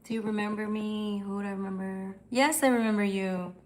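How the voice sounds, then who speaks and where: A woman's voice: medium pitch, steady tone, a little fast, darkish tone. A young woman hosts a tarot livestream, talking loosely to her viewers. She answers their comments as they come in and swears casually.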